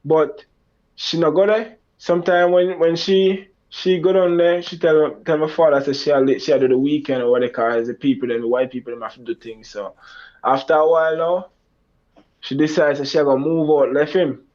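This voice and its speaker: A man's voice: fairly high pitch, steady tone, fairly quick, darkish tone. A man with a Jamaican accent, telling a long personal story in a rambling way, acting out quoted lines. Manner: rambling, Jamaican Creole phrasing, acts out quoted lines in a raised voice. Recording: dull lo-fi sound.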